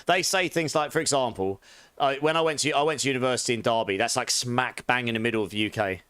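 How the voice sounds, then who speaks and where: Smooth-voiced man with a London-Essex accent. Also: medium pitch, fast, no echo. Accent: London and Essex English with a posh touch. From England. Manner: chatty, relaxed, reads and answers chat, laughs often. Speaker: game streamer. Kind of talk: casual live-stream chat while gaming.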